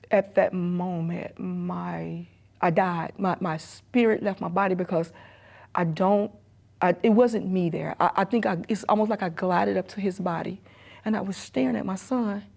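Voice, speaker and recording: A middle-aged woman, an emergency room nurse and mother, giving a halting, repetitive personal testimony that often sinks to a hushed near-whisper. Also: medium pitch, vocal fry. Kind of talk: personal testimony in a documentary interview.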